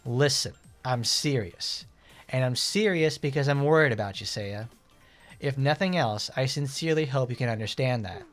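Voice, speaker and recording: Give me a man doing an earnest, worried teenage schoolgirl leader from a game, pleading at an ordinary pitch. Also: moderate pace, soft background music, close to an everyday voice.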